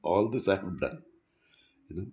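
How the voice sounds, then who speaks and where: A man's voice: low voice, normal speed, warm tone. A man giving an earnest, rambling reflective monologue, often restarting his sentences.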